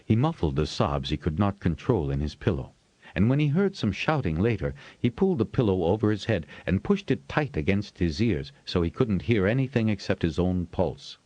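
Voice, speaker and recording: A man narrating an audiobook in a measured storytelling manner, shifting his voice for the characters. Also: low voice, sing-song, mellow, no room sound, highs cut off. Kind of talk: scripted narration.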